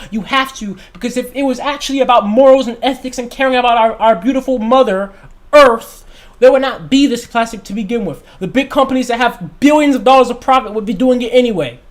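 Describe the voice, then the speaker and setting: A young man hosting a livestream, talking in a passionate, emphatic way and repeating his points. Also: extremely high pitch. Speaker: livestream host. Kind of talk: casual livestream talk.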